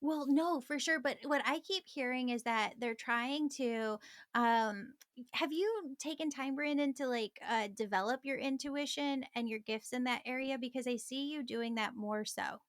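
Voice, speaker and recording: A woman, a spiritual medium appearing as a guest, calmly explaining messages she receives during a reading. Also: high-pitched, a little slow, no echo, clean studio sound.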